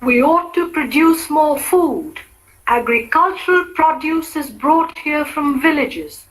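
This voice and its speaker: A woman's voice: sits high, expressive, takes it slowly, low-quality recording. A woman reading example sentences for a language-lab exercise, carefully enunciated.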